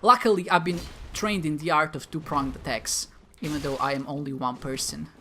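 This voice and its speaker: Man, bright voice, gameplay commentary, joking and self-mocking, faint hiss. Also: fairly high pitch, steady tone, a little fast. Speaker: gamer, video host.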